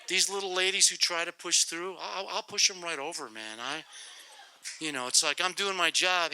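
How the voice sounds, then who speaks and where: A middle-aged man telling a testimony to a youth group and praying, in an animated, comic, repetitive storytelling manner. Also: fairly high pitch, a little fast, clear, resonant tone, low-quality recording. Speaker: guest speaker to youth group.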